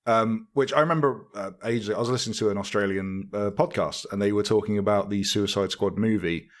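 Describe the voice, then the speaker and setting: A man's voice: fairly low pitch, fairly quick. A man co-hosting a gaming podcast in casual chat, talking with lots of fillers and easy laughter. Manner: chatty, laughs easily, frequent fillers. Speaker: podcast co-host.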